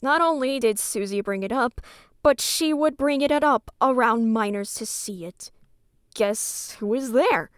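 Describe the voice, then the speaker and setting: Woman telling her side, high voice, bitter n swearing, dry sound. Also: lively intonation, unhurried, no echo. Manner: bitter, enraged, cursing. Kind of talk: angry personal narration.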